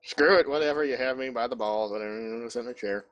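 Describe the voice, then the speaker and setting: A man voicing a defiant, sarcastic dwarf in a tabletop game, talking gruffly. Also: mid-range voice, quick pace, fairly bright tone, close to an everyday voice. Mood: defiant sarcasm.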